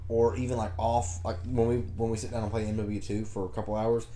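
A man's voice: fairly low pitch, little pitch movement, fast, dark tone, a little hiss or hum. A man co-hosting a podcast, laid-back in casual chat and often repeating himself. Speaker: podcast co-host. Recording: roomy echo.

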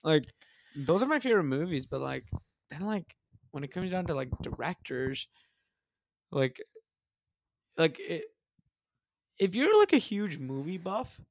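A man from Canada, a comedian guest on a podcast, rambling excitedly and swearing often. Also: on the high side, unhurried, long pauses, no room sound. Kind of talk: casual chat.

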